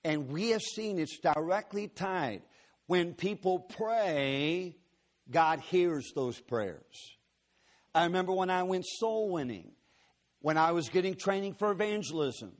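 A man's voice: high-pitched, lively intonation, takes it slowly. Joking, storytelling preacher man. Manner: folksy, joking asides to the congregation. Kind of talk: sermon with storytelling.

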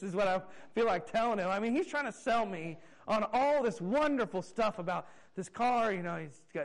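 A man's voice: sits high, lively intonation, normal speed, few pauses, rough recording. A man in his thirties, a pastor preaching a sermon, telling stories with self-mocking humor and chuckles. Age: 30s.

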